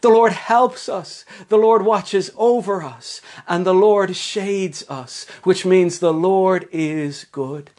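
High-voiced Irish pastor preaching. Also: male voice, darkish tone. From Ireland. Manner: slows down to stress scripture, asks rhetorical questions. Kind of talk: sermon.

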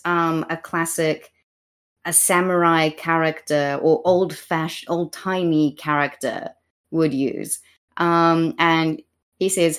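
A woman co-hosting a podcast, chatting with amusement about a comic, with lots of fillers. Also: fairly low pitch. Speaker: podcast co-host. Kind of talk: casual discussion of a comic.

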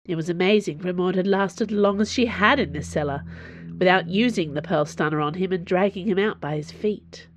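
A woman narrating her own fiction aloud as a podcast host, in a measured, expressive reading. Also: lowish voice, slight background noise. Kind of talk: storybook narration.

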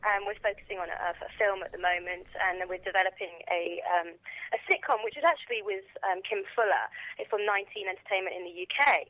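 A British woman, a comedian, chatting casually and quickly as a guest on a phone line. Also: mid-range voice. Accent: British English. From England. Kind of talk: casual interview chat.

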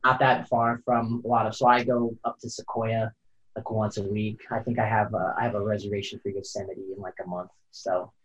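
A man's voice: on the low side, flat delivery, fairly quick. A man from California, chatting casually as a podcast guest, rambling and hesitant with many fillers and restarts. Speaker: podcast guest, photographer and climber. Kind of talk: casual interview chat. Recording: dull lo-fi sound.

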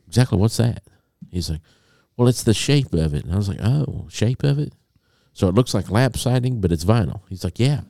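Deep gravelly guy spinning a story on a podcast, dark dry sound. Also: moderate pace, hardly any pauses, no room sound. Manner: animated storyteller, acts out a phone call. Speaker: podcast co-host. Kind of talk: casual storytelling chat.

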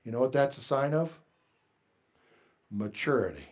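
A man preaching a sermon as pastor, earnest and plain-spoken, moving between hushed confession and loud exhortation. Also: mid-range voice, sing-song, a little slow.

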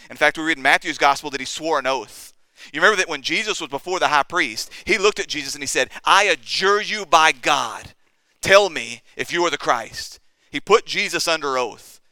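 A man preaches, his voice bright, forceful and smooth. He talks in an earnest way, acting out quotes and building to emphatic peaks. The sound is close and dry, with no room around it. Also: fairly high pitch, no echo. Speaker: pastor. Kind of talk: sermon.

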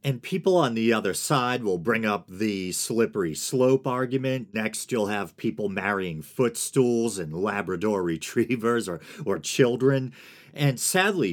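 A man in his forties from the United States hosting a solo podcast, talking in a wry, digressive way and chuckling at his own asides. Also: on the low side. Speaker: podcast host.

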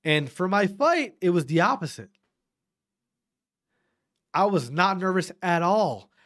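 A man in his thirties hosting a podcast, telling stories in a casual, profane, animated way that often breaks off and restarts. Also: high-pitched, takes it slowly, dry recording, clean studio sound. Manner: profane, animated, self-interrupting. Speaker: podcast host. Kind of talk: casual storytelling monologue.

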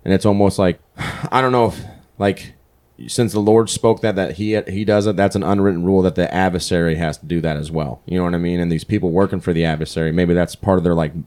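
A man's voice: deep voice, fairly even intonation, quick pace, darkish tone. A man co-hosting a podcast, rambling and thinking aloud in casual chat. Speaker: podcast co-host.

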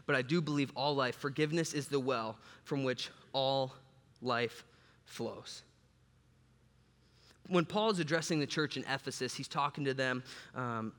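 A male pastor from the south side of Chicago, preaching a sermon and telling a humorous personal story in an animated, joking way. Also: mid-range voice. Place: church sanctuary. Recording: long reverb from a large hall.

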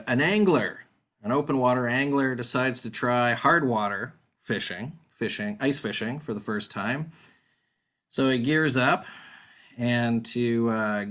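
A man, a podcast guest, telling a story in a casual, halting way with many fillers. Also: mid-range voice, fairly bright tone. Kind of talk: casual interview chat.

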